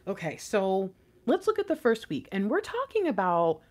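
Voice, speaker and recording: A woman's voice: mid-range voice, huge pitch swings, moderate pace, a little mellow. A woman giving a casual tarot reading to camera, chatty and rambling, giggling often and swearing casually. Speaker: tarot reader.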